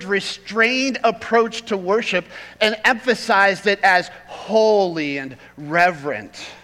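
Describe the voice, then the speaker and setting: A man preaching a sermon as pastor, swinging from loud emphatic peaks to quiet asides. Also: high-pitched, long reverb tail, rough recording.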